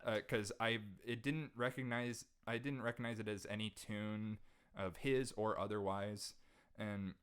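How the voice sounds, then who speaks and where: A young man with a lowish voice tells a deeply felt personal story on a casual podcast. He speaks earnestly and restarts his sentences often as he searches for the right words. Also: flat delivery, measured pace, fairly bright tone, smooth. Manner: earnest, emotional retelling with frequent restarts. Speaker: podcast guest, jazz saxophonist.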